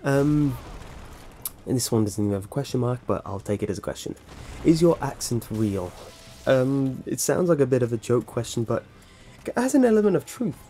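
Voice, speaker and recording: A man's voice: mid-range voice, big pitch swings, moderate pace, warm tone, slight background noise. A young British man with precise enunciation, answering fan questions in a rambling, self-correcting, wry way. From Britain. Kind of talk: casual Q&A vlog.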